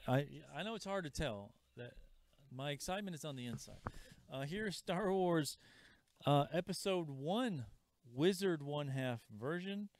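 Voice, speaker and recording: A man hosting a live comic shop sale, chatting casually and pitching items with asides. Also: animated, measured pace. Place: comic store. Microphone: livestream camera mic.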